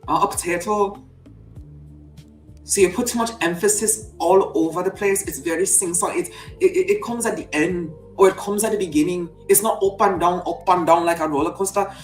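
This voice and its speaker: A woman hosting a casual live show, playful and quick to laugh. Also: fairly low pitch, a little mellow, recorded from a distance. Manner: playful, laughs often, jumps between accents. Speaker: host. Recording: echoey room with faint music.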